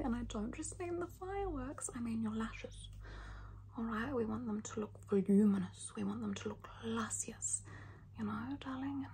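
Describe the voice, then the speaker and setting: A man's voice: extremely high pitch, darkish tone, a little hiss or hum. A man voicing a rich, fussy Australian mother in a whispered role-play, doing someone's lashes with frank backhanded compliments. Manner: breathy whisper, calls everyone darling, frank backhanded compliments. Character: rich doting Australian mum, blunt and fussy. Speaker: lash artist character.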